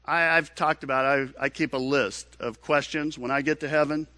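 A pastor preaching a sermon in an earnest, questioning manner, often repeating words. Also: male voice, on the high side, fairly even intonation, moderate pace, noisy background.

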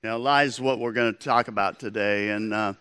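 Bright-voiced storytelling male pastor. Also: lowish voice, steady tone, a little fast, clean tone, no room sound. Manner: storytelling, conversational preaching. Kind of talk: sermon.

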